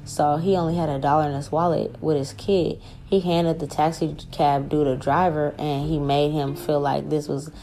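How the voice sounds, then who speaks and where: A woman's voice: low voice, little pitch movement, moderate pace, hardly any pauses, warm tone, a little hiss or hum. A young woman hosting a spiritual podcast, talking in a laid-back, rambling way and swearing casually. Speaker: podcast host.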